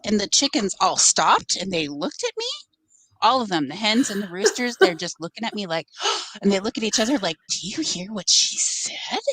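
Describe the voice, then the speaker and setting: A woman guest on a podcast, telling a funny story in an animated, laughing way. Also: medium pitch, fairly quick, a little hiss or hum, poor audio. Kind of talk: casual storytelling.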